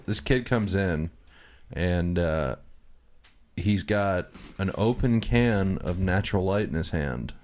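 A man's voice: low-pitched, lively intonation, slow pace, darkish tone. A man co-hosting a comedy podcast, telling a blunt and profane story in casual chat. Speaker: podcast co-host.

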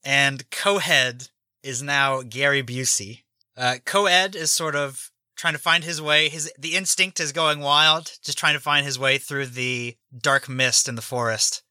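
Bright, dry-voiced man running the game. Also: medium pitch, fairly even intonation, a little slow, smooth, no room sound. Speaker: game master. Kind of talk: narrating a tabletop game.

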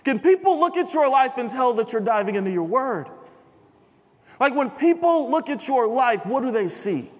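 A young man delivers a casual, story-driven sermon to a large chapel crowd, leaning on dude and bro as he talks. His voice sits high, and a long hall reverb trails behind every phrase. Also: normal speed. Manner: chatty, animated, says bro and dude. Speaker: chapel speaker. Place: large chapel before an audience.

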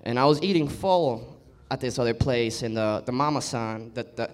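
A man's voice: mid-range voice, normal speed. A man doing live stand-up on a comedy club stage, telling stories animatedly and acting out the people in them.

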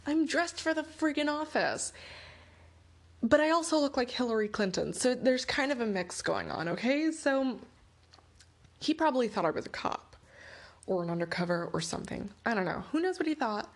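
A woman, middle-aged, telling a personal story on air in a casual, exasperated way, jumping from loud exclaims to hushed asides. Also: on the high side, sing-song, a little fast.

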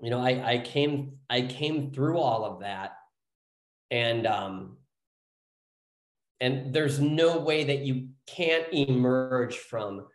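Animated man telling a recovery story, echoey room. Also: medium pitch, takes it slowly. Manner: rambling, restarts often, animated when telling a story. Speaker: podcast guest. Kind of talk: personal storytelling in an interview.

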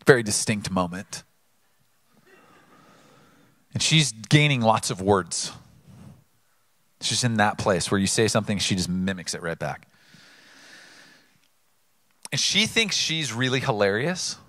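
Male pastor, sermon delivery. Bright, forceful voice, dry close mic. Earnest, swings between emphatic peaks and low asides. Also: unhurried, long pauses, no room sound. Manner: animated storyteller.

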